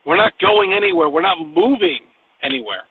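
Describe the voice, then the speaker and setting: A man's voice: high-pitched, big pitch swings, moderate pace, husky. A man with a New York accent talking in a rambling, profane, emphatic way during a casual online conversation. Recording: tinny phone-like line with faint noise.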